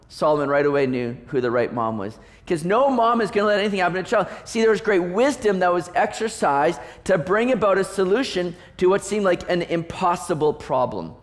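A man's voice: sits high, expressive, quick pace, few pauses. A man preaching a sermon as a pastor. He talks in a conversational way, asks the congregation rhetorical questions and often restarts his sentences.

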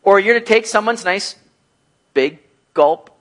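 A man preaching through a Bible passage in a casual, lively way. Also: high-pitched, unhurried. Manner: lively, acts out bubbly and gloomy voices in his examples. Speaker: pastor. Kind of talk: expository sermon, casual and animated.

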